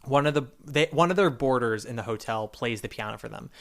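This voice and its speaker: A man's voice: medium pitch, lively intonation, a little fast, creaky, fairly bright tone. A man hosting a podcast, chatting casually and animatedly, acting out quotes as he retells scenes. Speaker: podcast host. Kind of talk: casual chat.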